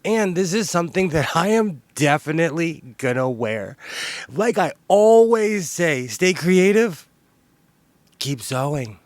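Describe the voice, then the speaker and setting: A man chatting through a home sewing vlog in a slightly high, unhurried voice. He keeps dissolving into giggles as he shows off his work. The sound is close and dry. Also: no room sound. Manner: giggly, keeps breaking into laughter. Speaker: sewing vlogger. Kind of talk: casual show-and-tell vlog.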